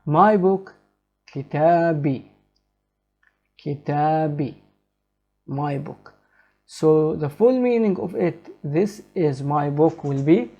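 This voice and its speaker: Slow, mellow male teacher. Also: on the high side. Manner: slow and deliberate, repeating words. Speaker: Arabic teacher. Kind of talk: slow language lesson.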